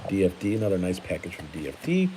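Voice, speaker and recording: A man's voice: sits low, big pitch swings, fast, mellow, slight background noise, rough recording. A man hosting a casual card-collecting live stream, chatty and laughing often while he sorts cards at his table.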